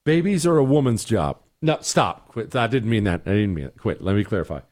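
A man's voice: lowish voice, animated, fairly quick, a little mellow. A middle-aged man hosting a talk show, giving blunt, exasperated opinions and answering listener emails.

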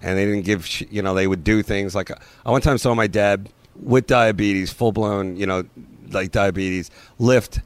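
A man with a somewhat low voice tells a rambling story, filled with pauses and fillers. The recording is dry and close. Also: fairly even intonation, no room sound. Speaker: comedian guest. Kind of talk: casual storytelling interview.

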